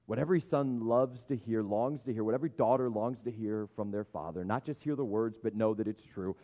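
A man's voice: lowish voice, brisk, hardly any pauses, highs cut off. A man preaching a sermon in a conversational, humorous way, often stopping to restart his sentences. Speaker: pastor.

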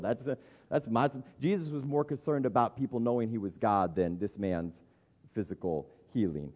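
A man's voice: medium pitch, fairly quick, big-room sound, muffled recording. A man in his thirties preaching a conversational sermon as a pastor, thinking aloud with frequent restarts.

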